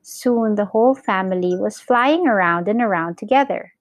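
In a dry, echo-free recording, an English teacher with a medium-pitched voice tells a children's story. She reads slowly and clearly and brings each character to life with animated voices.

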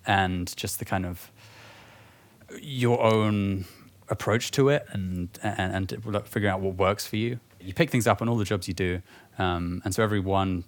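A low-voiced British man, an actor, chatting loosely in an interview. He rambles, hesitates and laughs between thoughts. The sound is dry and close. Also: normal speed, dry recording. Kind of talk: casual interview chat.

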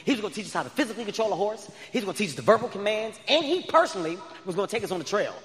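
A man in his thirties performing a stand-up comedy set, telling stories with loud animated outbursts. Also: sits high, very fast. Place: large arena stage. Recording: live arena with long reverb.

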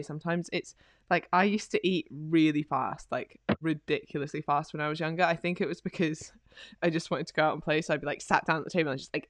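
A woman's voice: low-pitched, no room sound. Chatty woman, dry close sound. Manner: chatty, rambling, heavy use of "like". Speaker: podcast co-host and fitness coach. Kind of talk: casual advice chat.

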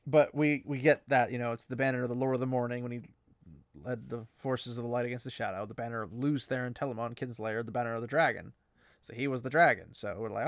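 A man hosting a podcast, chatting excitedly about a fantasy novel, laughing often and mimicking characters. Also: mid-range voice, a little fast, no room sound, studio quality.

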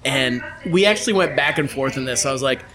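A man's voice: medium pitch, a little fast, crowd noise. A young man casually telling funny stories on a podcast, acting out the people he quotes. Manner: animated anecdote teller, acts out quotes. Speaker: podcast co-host. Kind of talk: casual storytelling chat.

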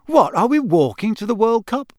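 A man's voice: high-pitched, big pitch swings, normal speed, dry recording, studio quality, pitched above the performer's own voice. An eager, curious teenage boy wizard full of questions, his voice raised well above the man reading him's own. It plays as a storybook reading.

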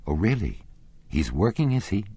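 A man's voice: low-pitched, big pitch swings, normal speed, warm tone, breathy edge, no echo, full character voice. A man reading the lines of an anxious, obstinate young man in an audiobook, asking probing, suspicious questions.

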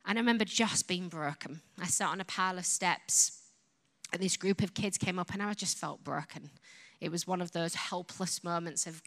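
A woman's voice: fairly low pitch, steady tone, fairly quick, fairly bright tone. A woman with a Yorkshire accent preaching a sermon, telling stories and acting out her own prayers with passion. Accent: Yorkshire English. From Yorkshire, England. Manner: impassioned, storytelling, acts out prayers to God. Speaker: ministry founder and preacher.

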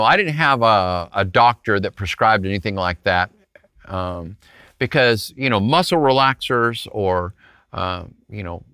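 Lively, bright-voiced male pastor. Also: mid-range voice, no echo, clean studio sound. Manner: animated, talks straight to listeners with frequent rhetorical "right?". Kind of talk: conversational sermon storytelling.

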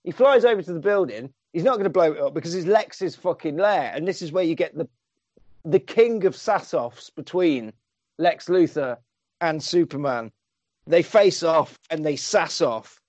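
A man's voice: on the high side, lively intonation, moderate pace, darkish tone, no echo, muffled recording. Sarcastic man recapping a film. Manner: exasperated, sarcastic. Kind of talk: casual film recap with swearing.

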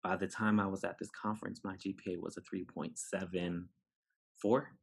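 Man, from New York City, low voice, husky, animated storyteller, podcast guest. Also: moderate pace. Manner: animated, acts out dialogue, laughs while telling. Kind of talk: personal storytelling.

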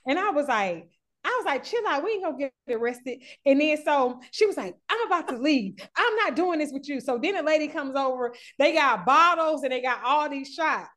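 A woman telling a story with animated flair, acting out the other people's voices. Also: sits high, a little fast. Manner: acts out voices in stories, laughs often. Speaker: guest.

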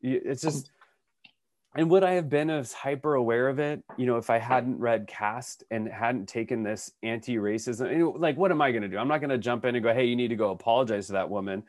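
A man of middle pitch tells a story on a podcast in a loose, conversational way. He acts out the lines of the people in his story and often restarts his sentences. The sound is dry and close. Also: brisk, no room sound. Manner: animated storyteller who acts out quotes, with frequent restarts. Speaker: podcast co-host.

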